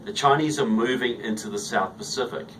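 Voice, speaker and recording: A man's voice: on the low side, fairly quick, fairly bright tone. A man with a New Zealand accent, a guest on a radio talk show, speaking in a chatty way that is full of "look" and "you know". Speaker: guest author. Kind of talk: radio interview. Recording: distant mic, faint background noise.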